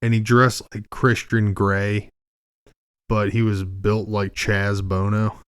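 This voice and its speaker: Thirties male podcast host, low-pitched, unhurried, crude joking storyteller, dry sound. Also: little pitch movement, clear, resonant tone, dry recording. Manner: profane, rambling, joking. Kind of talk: casual comedic storytelling.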